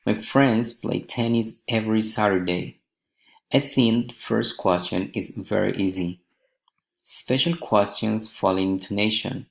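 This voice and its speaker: A man from Colombia, a language student, reading a pronunciation drill aloud slowly and carefully, one word pair or sample sentence at a time. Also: on the low side, creaky, low-quality recording.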